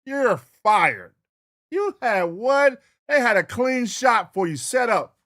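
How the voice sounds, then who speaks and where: A man hosting a reaction show, loudly commenting in disbelief and swearing at a clip. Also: very high-pitched, sing-song, takes it slowly. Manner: loud, incredulous, swearing commentary. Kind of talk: reacting to police footage.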